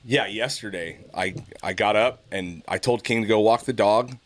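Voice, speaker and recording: A middle-aged man on a podcast, telling a profane, animated story about his kids in a casual chat. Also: lowish voice, moderate pace. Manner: profane, storytelling, animated when quoting others. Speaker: podcast host.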